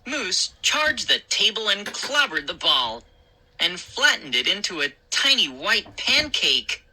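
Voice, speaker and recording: A woman reading a scary children's story aloud as the show's storyteller, in a measured, expressive way. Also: medium pitch, low-quality recording.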